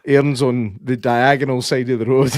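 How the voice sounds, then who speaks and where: A Scottish man co-hosting a podcast chats in a casual, sweary way, often breaking into laughter as he tells his stories. His voice sits at a middling pitch for a man. The recording is dry and close, with no room sound. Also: level tone, moderate pace, darkish tone, no echo. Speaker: podcast co-host. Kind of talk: casual chat.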